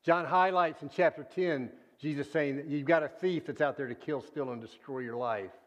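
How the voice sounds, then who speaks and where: A man preaching a sermon, earnest and deliberate, often sinking to a hushed low voice on key words. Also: lo-fi sound.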